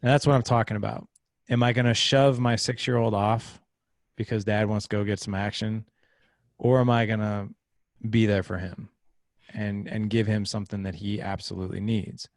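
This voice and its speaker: A man's voice: on the low side, little pitch movement, moderate pace, no echo, clean studio sound. A man in his thirties, a podcast guest, telling a personal story in casual conversation and acting out the voices of people in it.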